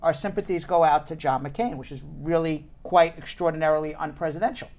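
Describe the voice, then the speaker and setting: Animated male talk show host. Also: fairly high pitch, fairly quick. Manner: animated, chatty storyteller. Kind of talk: casual talk-show banter. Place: studio.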